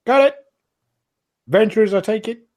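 A man doing a bubbly tavern hostess in a tabletop game, her voice jumping way up high and bright as she fusses over guests and calls them darling. Flirty and teasing, she pushes her voice up, well above his own. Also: moderate pace, close to an everyday voice. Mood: welcoming. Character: friendly flirty female innkeeper.

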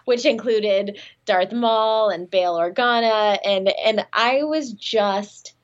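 Animated, laughing woman guest on a podcast. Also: medium pitch, slow pace, highs cut off. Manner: animated storyteller, laughs often, self-deprecating. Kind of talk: casual interview chat.

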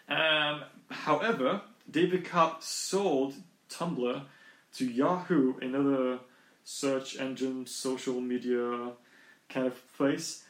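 A young man in his twenties co-hosting a podcast, chatty and jokey. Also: mid-range voice. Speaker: podcast co-host. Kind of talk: casual podcast chat. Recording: echoey room.

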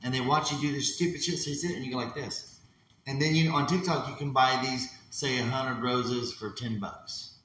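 A man's voice: medium pitch, moderate pace, fairly bright tone. A man ranting in a heated, profane way, acting out voices as he tells it. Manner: heated, swearing, acts out voices. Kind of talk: profane casual rant. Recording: very echoey room with faint noise.

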